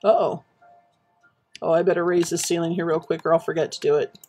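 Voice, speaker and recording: A woman chatting casually while building in a game, rambling and reminiscing with many pauses and fillers. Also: fairly low pitch, steady tone, darkish tone, faint music behind. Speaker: Minecraft streamer.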